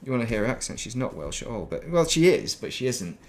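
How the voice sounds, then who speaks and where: A middle-aged man with a softened northern English accent, chatting casually and rambling while streaming a game. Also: mid-range voice, sing-song, fast talker, a little hiss or hum. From northern England. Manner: rambling, thinks aloud, laughs at himself. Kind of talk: casual chat while playing.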